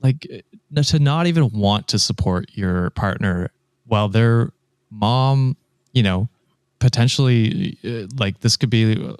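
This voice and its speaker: Male co-host, smooth clear voice, blunt and profane, dry studio sound. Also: lowish voice, measured pace, darkish tone, no room sound. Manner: blunt, swears freely, reacts with outrage. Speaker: podcast co-host. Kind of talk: casual podcast chat.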